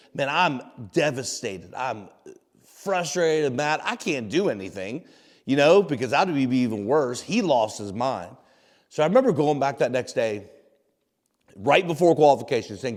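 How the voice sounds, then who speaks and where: A man with a medium-pitched, slightly mellow voice hosts a short devotional, sharing a personal story in an earnest, folksy manner. Long hall reverb hangs on the recording.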